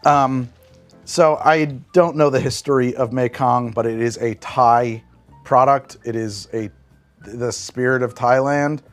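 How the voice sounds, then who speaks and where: A man's voice: medium pitch, steady tone, measured pace, soft background music. Rambling, profane male streamer. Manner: rambling, profane, thinking aloud. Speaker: live streamer. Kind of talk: casual livestream chat.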